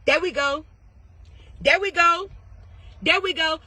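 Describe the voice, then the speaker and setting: A woman's voice: very high-pitched, slow pace, pushed and bright, no room sound. A woman tarot reader giving blunt, profane advice in a casual vlog, firing off repeated questions.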